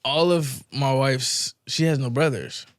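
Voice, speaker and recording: A man's voice: medium pitch, measured pace, dry recording. A man in a casual chat, a father talking in a laid-back, blunt way and swearing freely. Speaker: guest, father of two daughters.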